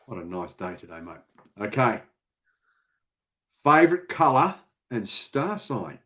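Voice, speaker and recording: A man's voice: medium pitch, big pitch swings, unhurried, bright, forceful tone. An Australian man hosting a casual live-stream chat, teasing and bantering with his guest. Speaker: host.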